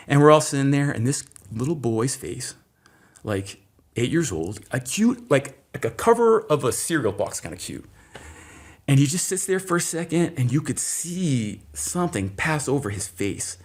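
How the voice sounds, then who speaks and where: A middle-aged man from Maine tells a personal story as a guest on an interview show. He speaks with a voice of average pitch. He is an animated storyteller who acts out the voices of the people he quotes. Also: normal speed. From Maine, USA. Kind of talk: storytelling in conversation.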